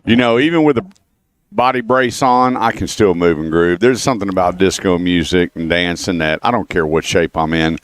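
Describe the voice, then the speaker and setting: A deep-voiced man at normal speed hosts a radio show in a studio, chatting casually and telling stories between car dealer plugs. He repeats the phone number throughout. His tone is clean, with no echo.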